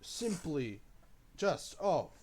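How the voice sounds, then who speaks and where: A man's voice: a little high, big pitch swings, very slow, darkish tone. A man reviewing a film off the cuff, rambling loosely, swearing often and breaking into enthusiastic bursts. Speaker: movie reviewer. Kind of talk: casual unscripted review.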